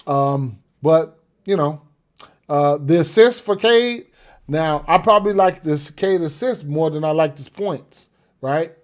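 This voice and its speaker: A man with a slightly higher-pitched voice breaks down his betting picks in loose, casual talk. He rambles, repeats himself and keeps checking in with "right?" and "you know what I'm saying?". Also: unhurried. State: has the hiccups. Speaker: sports betting podcaster.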